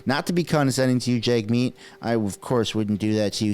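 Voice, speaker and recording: A man in his thirties, a French native speaker, hosting a political commentary vlog in a casual, excitable and mocking way. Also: medium pitch. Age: 30s. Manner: excitable, mocking, quick bursts of enthusiasm. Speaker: political commentary channel host.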